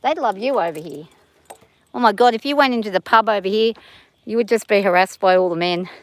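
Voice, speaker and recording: A woman's voice: mid-range voice, brisk, no room sound. A middle-aged Australian woman chatting casually outdoors while calling short commands to her horse. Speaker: horse owner lunging her horse. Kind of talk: casual vlog with calls to a horse. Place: outdoor riding area.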